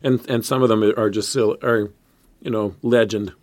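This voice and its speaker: A man's voice: on the low side, fairly even intonation, normal speed, darkish tone. A man co-hosting a casual history podcast, telling the story in a rambling way with many restarts. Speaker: podcast co-host.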